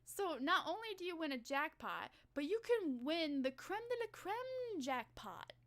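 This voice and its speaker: A woman's voice: very high voice, very animated, unhurried, a bit bright. A young woman streamer reacting to videos in casual, rambling, profane commentary, often getting worked up. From United States. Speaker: Vtuber streamer.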